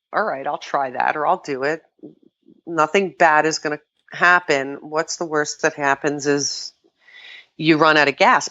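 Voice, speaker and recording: An older woman, a podcast guest, chatting casually and telling lively stories, often quoting herself and laughing. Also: low-pitched, dull audio. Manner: animated storytelling, quotes herself, laughs often. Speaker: podcast guest, kettlebell sport athlete. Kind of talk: casual interview chat.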